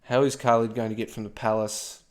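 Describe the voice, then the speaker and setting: A man's voice: medium pitch, level tone, a little fast. A man co-hosting a history podcast, telling the story in a playful, joking way with lots of asides. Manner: playful, jokey asides, frequent "okay?". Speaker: podcast co-host.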